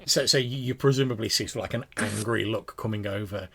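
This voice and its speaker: A game master narrates a tabletop role-playing scene in a descriptive style, often restarting his phrases. His voice is low and gravelly, with a rough fry. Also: fast talker, noisy background.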